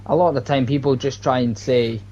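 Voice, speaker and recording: A man's voice: mid-range voice, steady tone, a crowd in the background. Reflective young man, slightly dull sound. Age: young adult. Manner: measured, reflective, hesitant fillers. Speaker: podcast co-host. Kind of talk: casual chat.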